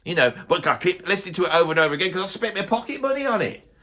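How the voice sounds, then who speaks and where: A man's voice: sits high, very animated, racing, pushed and bright, heavily acted. A middle-aged man playing a bitter, grumpy music snob in a blustering comic rant, grumbling and stumbling over his restarts. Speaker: YouTuber doing a comic character.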